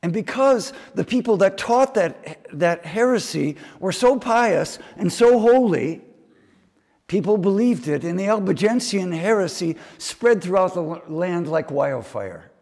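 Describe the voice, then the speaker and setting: A man's voice: high voice, vocal fry, darkish tone, long reverb tail. A man preaching a homily, telling stories and slipping into mimicked voices now and then. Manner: storytelling preaching with mimicked asides. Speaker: priest. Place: chapel.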